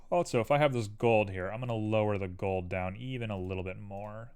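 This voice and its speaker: A man's voice: fairly low pitch, brisk, few pauses, darkish tone, clear, resonant tone. A man hosting a live stream, casually chatting and thinking aloud to viewers as he builds a 3D model.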